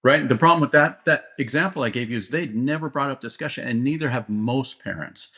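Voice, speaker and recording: A blunt, plain-spoken man speaks candidly as a police officer guest in an interview. His voice sits in an ordinary middle pitch, and he keeps tagging his points with a quick "right?". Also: pushed and bright.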